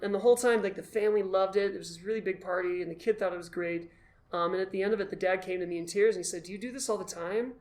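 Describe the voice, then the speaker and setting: A man as the guest, telling his story in an animated, self-deprecating way and acting out his own past thoughts. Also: high-pitched, rapid-fire. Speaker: guest, costumed charity volunteer. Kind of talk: casual storytelling in a conversation.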